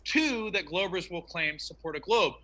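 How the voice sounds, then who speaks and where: A man's voice: high voice, animated, moderate pace, pushed and bright. A man arguing in an online debate, insistent and preachy as he makes his case.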